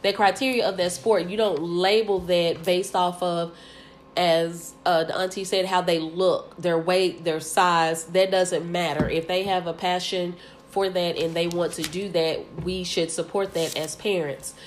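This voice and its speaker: Earnest woman with lowish voice. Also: fairly even intonation, measured pace, a little hiss or hum. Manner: earnest, emphatic, repeats words, many fillers. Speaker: co-host, cheer coach and mother. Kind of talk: casual podcast discussion.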